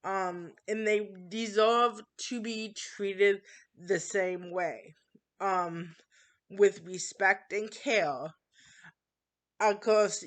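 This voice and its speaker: A woman talking earnestly to her viewers in a casual monologue, halting often with fillers and restarts. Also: medium pitch. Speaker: channel host.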